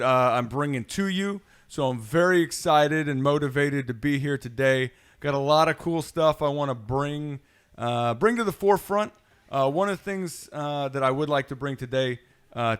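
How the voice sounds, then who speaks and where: Male podcast host, casual chat, playful, rambling, lots of fillers. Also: on the high side.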